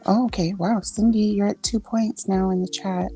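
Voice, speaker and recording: A woman's voice: medium pitch, steady tone, moderate pace, mellow, soft background music. A woman hosting a casual quiz chat on a livestream, laughing often and reading out answers from the chat. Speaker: host.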